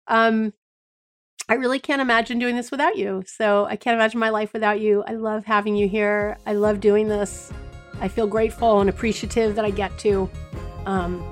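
A middle-aged woman hosts a relationship podcast in a heartfelt monologue. She sounds earnest and affectionate, wandering through restarts at an ordinary pitch, with faint music beneath. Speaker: podcast host, relationship therapist.

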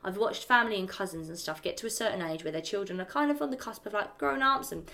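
A woman co-hosting a podcast in casual, animated chat, acting out the voices of people she quotes. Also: mid-range voice, fast talker, creaky. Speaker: podcast co-host.

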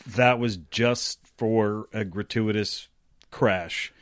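A man's voice: on the low side, slow pace, smooth, no room sound. Dry-humored man in casual movie chat. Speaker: podcast co-host.

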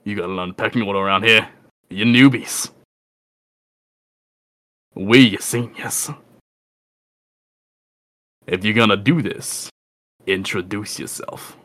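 A man's voice: fairly low pitch, slow, pauses often, fairly bright tone, no room sound. A man voicing a pushy male senior soldier who bosses the newcomers around. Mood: bossy. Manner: barking, bossy.

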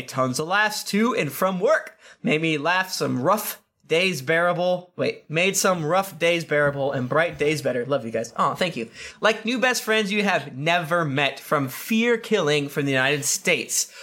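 A man's voice: on the high side, sharp tone. A man hosting a podcast, playfully reading listener reviews aloud and joking with his co-hosts. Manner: playful, jokey, laughs through lines. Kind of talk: casual reading aloud to friends.

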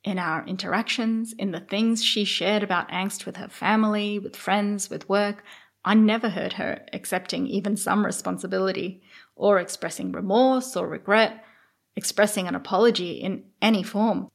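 A woman's voice: medium pitch, moderate pace, creaky. A middle-aged woman hosts her own show and tells a personal story straight to the listener. She is candid and casual, and now and then she swears. When she replays what she was thinking at the time, her voice rises. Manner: candid, animated when reliving her thoughts, occasional swearing. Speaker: podcast host sharing a personal story.

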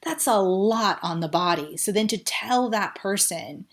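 Frank, emphatic woman with a lowish voice. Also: moderate pace, few pauses. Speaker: podcast guest, cognitive neuroscientist. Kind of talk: conversational interview.

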